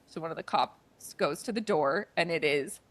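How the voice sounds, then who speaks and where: A woman co-hosting a podcast in casual chat. She retells a story in an animated way, says "like" often and acts out the dialogue. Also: low voice, moderate pace, dry recording. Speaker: podcast co-host.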